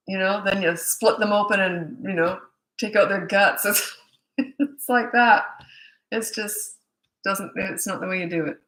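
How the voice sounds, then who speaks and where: Lively woman coach in an echoey room. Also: lowish voice. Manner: lively, acts out quoted parents and kids in changed voices. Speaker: parenting coach. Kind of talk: casual live Q&A talk.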